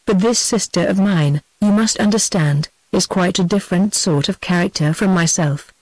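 A text-to-speech woman's voice with a British accent reading the lines of a sly, roguish young male trickster, delivered flat with no character voice. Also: on the low side, moderate pace, no echo, close to an everyday voice, poor audio. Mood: chatty. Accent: British English. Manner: flat synthetic delivery of dialogue. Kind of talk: text-to-speech audiobook narration.

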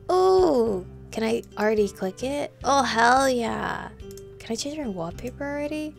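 A woman's voice: a little high, expressive, a little slow, gravelly, faint music behind. A woman streamer playing a visual novel, chatting playfully, reacting aloud and reading the game's text. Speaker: gameplay streamer. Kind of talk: casual let's-play commentary, reading game text aloud.

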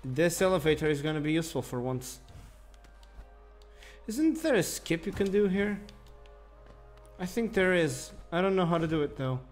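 A man's voice: a little high, big pitch swings, moderate pace, pauses often, faint music behind. A young man giving casual commentary while playing a game, grumbling, swearing and mocking himself. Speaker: gaming channel host.

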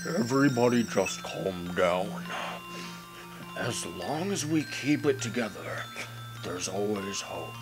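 A man voicing a wise elderly male star spirit in a comedic fan voice-over of a game, with an earnest, drawn-out delivery. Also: lowish voice, lively intonation, over music. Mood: solemn.

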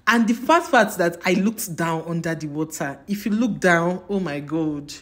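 A woman's voice: fairly low pitch, animated, moderate pace. A woman, retelling her experience in a casual vlog with dramatic, emphatic repetition. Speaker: travel vlogger.

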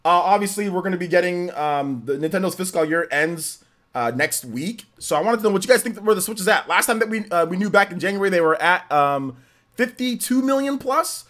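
A man hosting a casual live stream, rambling through stories, repeating himself and often trailing off into quiet laughter. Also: sits high, animated, brisk. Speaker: livestream host.

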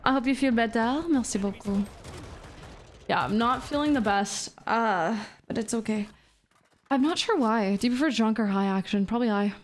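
Woman streamer w/ a slightly high voice, reading chat mid-match, kinda sick and low energy, swears a bit. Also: normal speed, slight background noise. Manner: casual, swears, talks to chat between plays. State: feeling unwell, low energy. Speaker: VTuber streamer. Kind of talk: live game stream, reading chat aloud.

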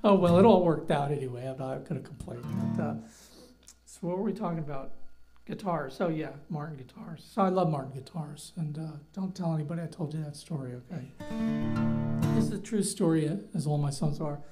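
A man's voice: on the high side, fairly quick, poor audio. A middle-aged man from New Jersey with a light North Jersey accent, telling rambling, self-deprecating stories between songs at a live show. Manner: wry, rambling storyteller with self-deprecating asides. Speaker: doctor and singer-songwriter on stage. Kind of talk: stage banter between songs. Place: live music venue. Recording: guitar faintly behind.

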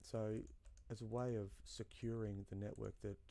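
A man's voice: fairly low pitch, little pitch movement, moderate pace, vocal fry, warm tone. A man giving casual, rambling commentary while playing a game, with many fillers and asides to himself. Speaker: gaming YouTuber. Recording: faint game music behind.

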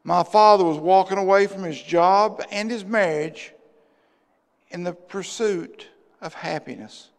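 High-voiced pastor in echoing church. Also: male voice, measured pace. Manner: impassioned, swinging between loud bursts and hushed asides. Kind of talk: sermon. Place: church sanctuary. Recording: long church hall reverb.

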